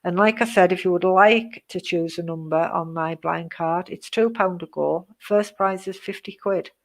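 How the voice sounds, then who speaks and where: A woman's voice: lowish voice, steady tone, moderate pace. A middle-aged woman giving a live psychic reading, repeating herself and checking in with "okay?" in a reassuring way. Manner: repetitive, reassuring, tags phrases with "okay?". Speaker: psychic medium.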